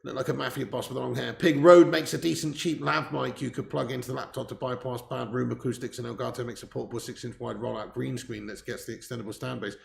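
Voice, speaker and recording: A man's voice: medium pitch, steady tone, quick pace, gravelly, hardly any pauses. A man hosting a live football watch-along, chatting casually, laughing often and reading out viewer messages, on a mic placed far away. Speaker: live stream host. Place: room indoors. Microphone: laptop mic set far away with gain turned up. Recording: echoey room.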